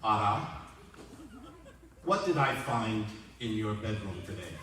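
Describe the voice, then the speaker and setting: A man imitating his stern older father, who questions his son calmly. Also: lowish voice, slow pace, voice pushed down. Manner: calm, stern interrogation. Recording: echoey hall from far off, loud noise.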